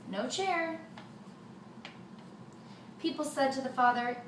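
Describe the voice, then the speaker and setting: A woman storyteller tells a children's folk tale with lively sound effects, her high voice measured and broken by long pauses. The recording is roomy, made from a distant mic, with faint noise.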